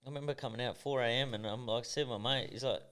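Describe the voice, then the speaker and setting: A man's voice: medium pitch, quick pace, clear, resonant tone. An Australian man in his thirties, a boxer talking in a casual podcast interview, blunt and swearing freely. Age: 30s. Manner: blunt and swearing, animated storytelling. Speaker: professional boxer guest.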